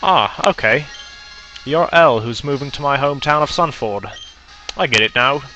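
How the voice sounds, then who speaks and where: A man's voice: mid-range voice, moderate pace, sharp tone, muffled recording, soft background music, voice pushed up, lightly acted. A man voicing a cheery middle-aged Pokemon professor in a hammy put-on Australian accent, hearty and theatrical. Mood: excited.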